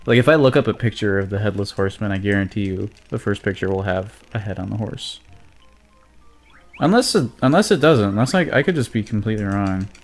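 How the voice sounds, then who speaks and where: A man's voice: on the low side, expressive, brisk, soft background music. A man co-hosting a casual gaming video, rambling and restarting his sentences. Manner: rambling, hesitant, full of restarts. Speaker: co-host.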